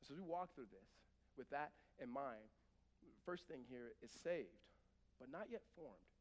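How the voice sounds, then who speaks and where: A man preaching a sermon as pastor, conversational and animated, with sudden emphatic bursts. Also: mid-range voice, measured pace, long reverb tail.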